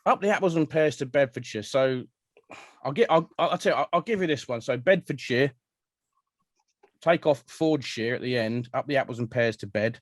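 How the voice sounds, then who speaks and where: A man's voice: medium pitch, normal speed, pauses often, dry recording. A chatty man hosts an interview over a video call, joking at his own expense and bantering with his guests. The sound is dry and close. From London, England. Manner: chatty, self-deprecating, playful banter. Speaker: radio show host.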